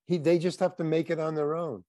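An older man tells a guest's stories in a relaxed interview, starting over mid-sentence and wandering off track. His voice sits a bit high for a man and sounds close and dry, with no room around it. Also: dry recording. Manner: rambling anecdotes with halting restarts. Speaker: guest actor. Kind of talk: casual interview storytelling.

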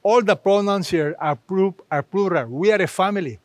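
A man preaching a sermon as pastor, slow and emphatic, asking rhetorical questions. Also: high-pitched, no room sound.

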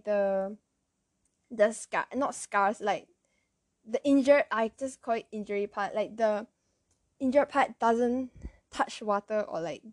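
A woman's voice: medium pitch, no echo. A woman with a Malaysian English accent telling a personal story in a chatty, rambling way, correcting herself as she goes. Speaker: vlogger. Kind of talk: casual storytelling.

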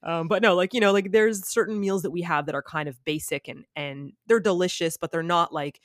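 A woman guest on a podcast, telling stories in a lively, casual way and filling her talk with "like.". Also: fairly low pitch, a little fast, no room sound, clean studio sound. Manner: animated storyteller, says "like" a lot. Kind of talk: casual chat.

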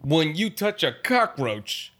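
A man's voice: a little high, big pitch swings, takes it slowly, a bit bright, voice pushed up, full character voice. A tipsy man voicing a streetwise Italian-American tough guy who works with cockroaches, with a mock gangster accent and drawling, slangy talk. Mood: conspiratorial. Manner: drawling, slangy, ungrammatical, rambling.

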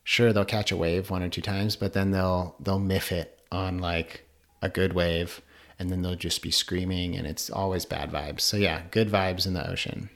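A man in his thirties co-hosting a podcast, talking in a relaxed, reflective way and often agreeing. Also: deep voice, normal speed. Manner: easygoing, reflective, affirming. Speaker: podcast co-host. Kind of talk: casual podcast chat.

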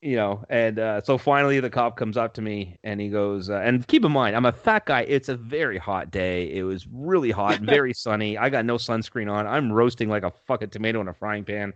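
A man's voice: on the low side, a little fast, hardly any pauses, no echo, lo-fi sound. A man casually telling a profane story on a podcast, often laughing as he talks.

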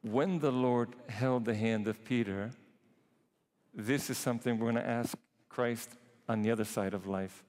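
A man preaching a sermon, emphatic, drawing some phrases out slowly and rushing others. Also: mid-range voice, a little mellow, long reverb tail. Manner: emphatic, shifts between slow and quick phrasing. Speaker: priest preaching.

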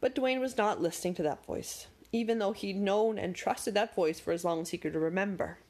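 Woman reading a kids story out loud, dramatic pacing, middle pitch. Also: fairly quick. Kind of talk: storybook narration.

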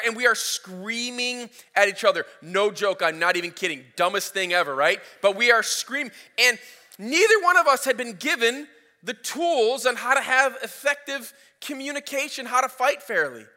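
A man in his thirties preaching a sermon as a pastor, telling a story in an animated way, his voice rising as it builds. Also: very high voice, moderate pace. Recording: reverberant hall.

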